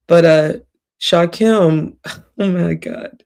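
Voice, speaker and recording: A woman's voice: on the low side, steady tone, unhurried, creaky, a little mellow. A woman livestreamer with a cracking voice, giving rambling, gossipy late-night commentary with whispered asides.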